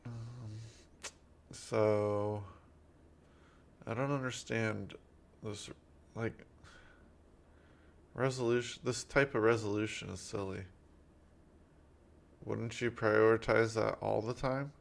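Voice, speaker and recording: A tired man co-hosting a casual chat, reading out poll results in a sleepy-sounding, gravelly voice. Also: lowish voice, steady tone, takes it slowly, long pauses.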